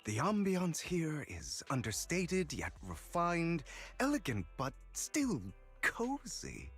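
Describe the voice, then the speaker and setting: A polished, silky-mannered collector from a video game. His voice is husky and breathy, and his pitch rises and falls a great deal as he speaks. Faint music plays under him. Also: huge pitch swings, takes it slowly, a bit bright, heavily acted. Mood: suave. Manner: polite, silky, courtly. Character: suave refined male collector, smooth flatterer. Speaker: game character.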